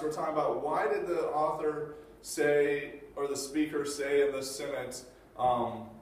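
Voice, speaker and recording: Echoey teacher man lecturing from afar. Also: a little high. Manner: conversational, many fillers and rhetorical questions. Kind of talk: classroom lecture. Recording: echoey room, mic far off.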